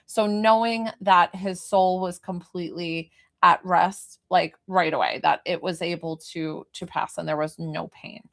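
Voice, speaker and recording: Gravelly-voiced woman medium, chatty. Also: fairly low pitch, fairly even intonation, a little slow, a bit bright. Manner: chatty, informal, easily sidetracked. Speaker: spiritual medium. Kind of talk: live-streamed reading.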